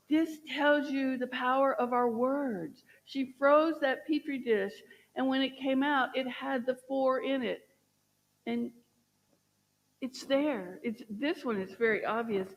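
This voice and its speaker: A woman minister giving a sermon, gently encouraging and asking her listeners questions. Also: high-pitched, takes it slowly, long reverb tail, low-quality recording. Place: church sanctuary.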